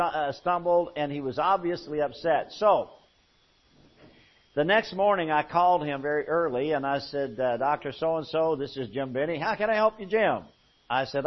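A male pastor preaches in a folksy storytelling way, his voice sitting a little high for a man. He drops to a hush and then builds up loud. The recording sounds dull and muffled. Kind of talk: sermon.

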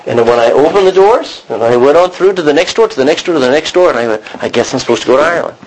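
A man's voice: on the high side, expressive, racing, background noise. A man preaching a sermon, telling a personal story in a rambling way, often restarting and acting out what he said. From Texas. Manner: rambling storytelling, frequent restarts and self-quotes.

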